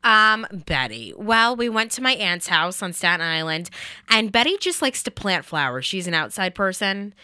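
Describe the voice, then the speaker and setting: Young New woman co-host; bright, dry close recording, animated chatty storyteller. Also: mid-range voice, moderate pace, clean tone, no echo. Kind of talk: casual chat.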